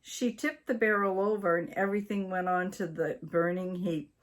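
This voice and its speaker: An older woman from Maine reading a children's story aloud in a slow, deliberate way. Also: fairly low pitch, fairly even intonation. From Maine, USA.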